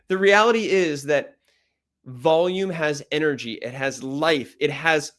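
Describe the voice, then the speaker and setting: A man giving an energetic talk on pitching, loud and animated, deliberately shifting his speed, volume and pitch to make points. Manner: animated, plays with speed, loudness and pitch for emphasis. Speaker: speaker coaching on pitching. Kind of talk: energetic presentation coaching.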